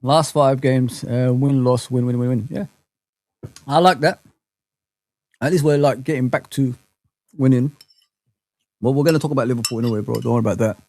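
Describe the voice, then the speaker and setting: A man hosting a live football fan chat, talking casually and reading viewers' comments, with plenty of slang fillers and animated rambling. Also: medium pitch, moderate pace, pauses often, no room sound.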